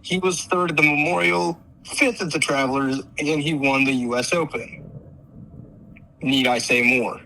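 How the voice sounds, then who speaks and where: A man's voice: fairly high pitch, steady tone, unhurried, gravelly, bright, forceful tone, slight background noise, low-quality recording. A young man co-hosting a podcast, giving brief, dry takes on his picks in casual chat. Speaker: podcast co-host.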